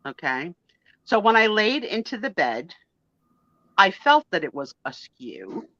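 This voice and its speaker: A middle-aged woman hosting a live stream, telling a story in a casual, animated way, laughing and acting out the lines she quotes. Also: mid-range voice, measured pace, no echo, highs cut off. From United States. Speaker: host.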